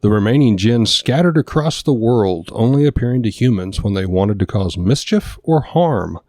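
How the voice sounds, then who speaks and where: Low, mellow man reading podcast notes. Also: animated, moderate pace, no echo, studio quality. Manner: reads notes aloud, stumbles over names. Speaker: podcast co-host. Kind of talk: casual podcast discussion.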